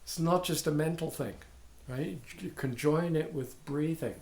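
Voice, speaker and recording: An older man, a dharma teacher, giving a contemplative talk in halting, searching phrases with frequent asides. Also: on the high side, a little mellow, echoey room.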